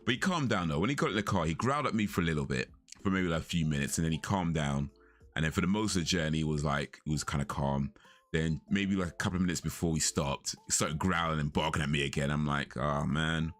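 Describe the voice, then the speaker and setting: Low-voiced man chatting on stream. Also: fast. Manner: rambling, self-correcting, laughs often. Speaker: live streamer. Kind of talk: casual chat with live viewers. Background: faint lo-fi music.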